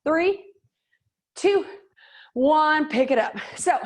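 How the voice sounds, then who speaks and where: A woman's voice: high voice, lively intonation, extremely slow, pauses often. A middle-aged woman instructing a live workout class, upbeat and joking, counting out reps and slightly out of breath. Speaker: fitness and yoga instructor.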